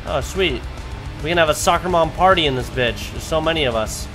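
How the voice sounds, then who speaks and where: A man's voice: fairly high pitch, expressive, a little fast, over music. A young man commentating on his gameplay, swearing and cracking jokes as he plays. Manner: profane, wisecracking. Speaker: let's play host.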